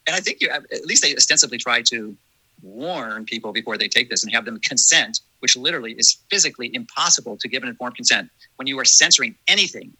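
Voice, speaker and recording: Guy hosting a chat, talks fast n earnest, bright kinda raspy voice. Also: mid-range voice, no room sound, low-quality recording. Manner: earnest, emphatic, with restarts. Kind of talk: casual discussion.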